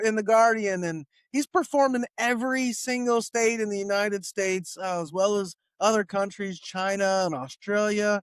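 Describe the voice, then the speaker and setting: High, smooth-voiced male podcast host. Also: no echo. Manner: upbeat, filler-heavy chatter. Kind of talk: casual podcast hosting.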